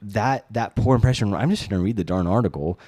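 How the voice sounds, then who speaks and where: A man with a very deep, warm voice co-hosting a casual branding podcast, recorded close and dry. He talks things through in a relaxed way, often restarting with "it's like.". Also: fast talker, no echo. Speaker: co-host, brand strategist.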